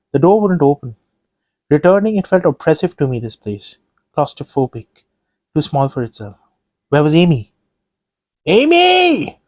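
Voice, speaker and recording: A man reading a literary ghost story aloud in a measured, hushed way. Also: on the high side, dry recording. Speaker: podcast host and story reader.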